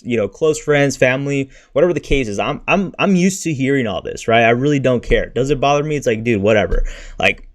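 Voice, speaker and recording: Blunt, slangy man ranting on a stream. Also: medium pitch. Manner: blunt and slangy, says "freaking", "bro" and "dude" often; frustrated, venting. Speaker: crypto trading livestreamer. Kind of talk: casual livestream rant and market talk.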